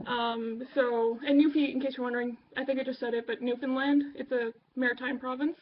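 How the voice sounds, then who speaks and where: A woman's voice: sits high, flat delivery, fairly quick, muffled recording. A Canadian woman with a Canadian accent chatting casually to camera, rambling with lots of ums and uhs. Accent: Canadian English. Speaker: vlogger.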